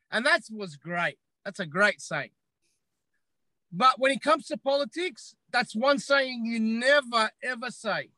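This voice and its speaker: Australian man, podcast guest. High, bright voice, forceful, repeats lines for emphasis, dry close recording. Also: animated, unhurried, no room sound. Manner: emphatic, repeats phrases for effect. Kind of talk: podcast interview.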